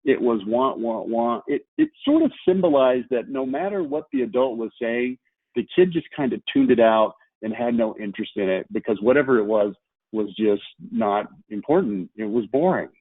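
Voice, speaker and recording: A man's voice: mid-range voice, very animated, moderate pace, slightly rough, dry recording. A man giving a marketing webinar lecture, emphatic, with rhetorical questions and repeated key words. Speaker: marketing presenter. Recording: tinny phone-like line, dry.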